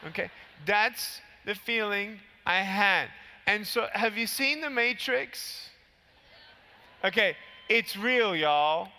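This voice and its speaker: A man's voice: high-pitched, takes it slowly. A man in his thirties giving a motivational keynote speech at a large convention, telling stories and acting out the scenes. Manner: animated storytelling, acting out scenes. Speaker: keynote speaker. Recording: long hall reverb from PA.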